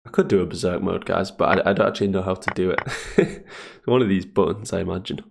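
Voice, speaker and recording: Chess streamer, man, low gravelly voice; casual, halting commentary, lots of fillers. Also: noisy background. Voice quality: deep gravelly morning voice. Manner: thinks aloud, hesitant fillers, chuckles often.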